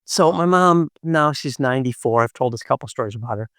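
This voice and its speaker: A middle-aged man shares a personal story in an unhurried, reflective manner. He speaks in a mid-range voice with thoughtful pauses. The recording is dry and close, with no room sound. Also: mid-range voice, animated, fairly bright tone, no echo. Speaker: storyteller and podcast co-host.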